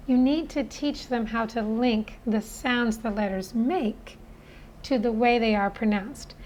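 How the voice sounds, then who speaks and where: Slow, earnest woman phonics teacher. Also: fairly high pitch, darkish tone, slight background noise, poor audio. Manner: earnest, persuasive. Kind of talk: spoken lesson.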